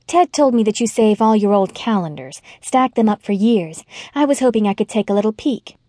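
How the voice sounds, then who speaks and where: A woman narrator voicing a stylish, dramatic young woman in a soft, sweet, slightly higher voice. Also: animated, a little fast, dry recording, clean studio sound, close to an everyday voice. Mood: sweetly polite.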